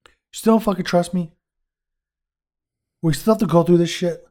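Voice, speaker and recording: High-voiced and warm, a man co-hosts a podcast at normal speed with fairly even intonation. He discusses a TV episode casually, joking, wandering off on tangents, and cursing freely.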